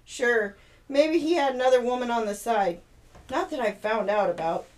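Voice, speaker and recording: A woman's voice: on the high side, moderate pace, a little mellow, natural voice. A woman reading as a firm, scheming ex-girlfriend. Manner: firm, sugary-polite.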